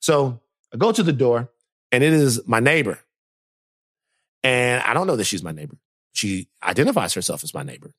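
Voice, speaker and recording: A man hosting a podcast, telling a story in casual, animated chat, repeating phrases for effect and swearing casually. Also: mid-range voice, normal speed, pauses often, no echo, clean studio sound. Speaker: podcast host.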